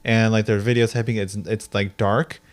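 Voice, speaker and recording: A man's voice: lowish voice, level tone, moderate pace. A young man co-hosting a podcast, telling stories in a rambling casual way with lots of fillers and swearing. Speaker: podcast co-host. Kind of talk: casual chat.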